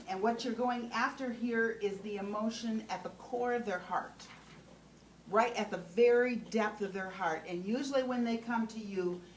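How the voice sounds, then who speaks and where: A woman teaching a class on compassionate listening, often checking in with "okay?" and putting questions to the group. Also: medium pitch. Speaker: trainer. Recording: roomy sound from a distant mic with faint background noise.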